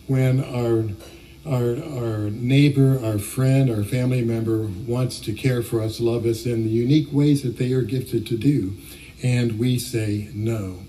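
A man's voice: medium pitch, mellow, far from the mic, rough recording. A man from Ohio preaching a sermon, earnest and reflective, often restarting his phrases. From Ohio, USA. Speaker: pastor.

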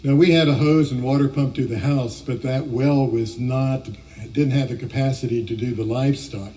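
A man's voice: mid-range voice, fairly even intonation, normal speed, warm tone, recorded from a distance, poor audio. A man from Ohio preaching a sermon, earnest and reflective, often restarting his phrases. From Ohio, USA. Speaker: pastor.

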